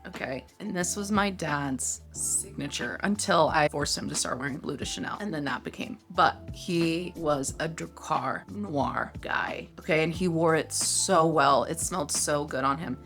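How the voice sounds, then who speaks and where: A woman's voice: on the low side, a bit bright. A young woman from the United States, a perfume vlogger, talking in a heartfelt, confiding way about scents and family memories. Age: young adult. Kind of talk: emotional personal vlog.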